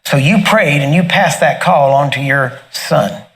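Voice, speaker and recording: A middle-aged man telling a personal testimony in a casual, animated way, often laughing and acting out the other people in the story. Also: fairly high pitch, a little slow. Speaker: minister sharing a testimony.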